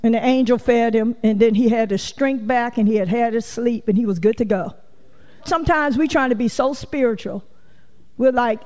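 High-voiced woman preaching in a reverberant hall. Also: normal speed, a little mellow. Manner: folksy, acts out quotes, laughs often. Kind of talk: conversational sermon. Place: church sanctuary.

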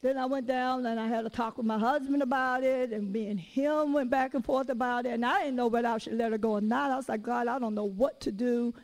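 A woman preaching a sermon, telling personal stories in a lively, conversational and casual way. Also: fairly high pitch, fairly quick, few pauses, poor audio. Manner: casual everyday phrasing.

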